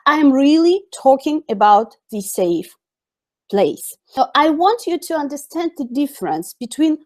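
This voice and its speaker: A woman with a Russian accent teaching English communication in a webinar, chatty with frequent fillers. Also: high-pitched. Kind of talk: webinar lesson.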